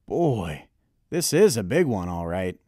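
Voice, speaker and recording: A man voicing a kindly, proud old grandfather in an audiobook reading, talking in a booming, hearty, encouraging way. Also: very animated, takes it slowly, mellow, dry recording, clean studio sound, exaggerated voice.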